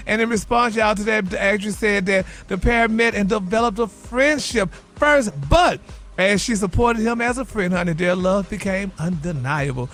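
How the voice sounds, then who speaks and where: A man's voice: high voice, normal speed, fairly bright tone, soft background music. A man delivering a sassy, flamboyant celebrity gossip segment on morning radio, calling everyone honey and baby.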